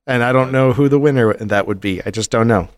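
A male podcast co-host who jokes and riffs, his voice at an everyday middle pitch. He sounds close and dry, with no room echo. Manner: joking, riffs quickly with laughs. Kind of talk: casual podcast chat.

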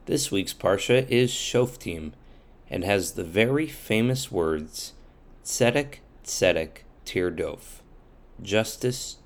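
A man narrating a children's story in a friendly, explanatory way as the host. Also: fairly low pitch.

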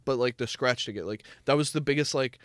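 A young man talks at an ordinary middle pitch, rambling loosely and stacking up fillers as he tells a story. The sound is dry and close to the mic, with no room echo. He is chatting casually with his brother on a podcast. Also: quick pace, clean tone. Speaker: podcast co-host. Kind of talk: casual chat between brothers.

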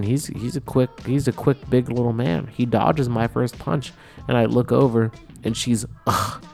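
A man's voice: fairly low pitch, creaky, darkish tone. A drunk man telling a rambling, profane story to his camera, mocking himself as he goes. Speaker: vlogger.

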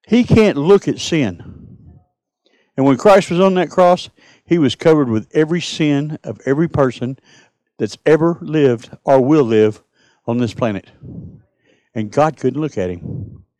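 A man preaching a sermon as pastor, climbing to loud passionate cries and then dropping to a soft, hushed plea. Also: a little high, very animated, a little slow, long pauses, no room sound, low-quality recording.

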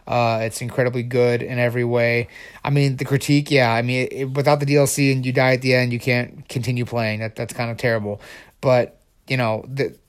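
A man hosting his own podcast, chatting casually and excitably, rambling with frequent restarts. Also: mid-range voice, clear, resonant tone. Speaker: podcast host. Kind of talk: casual solo podcast chat.

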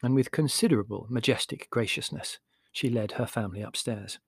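A man narrating an audiobook in a measured, wry storytelling voice. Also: mid-range voice, creaky, husky, dry recording, clean studio sound, soft background music.

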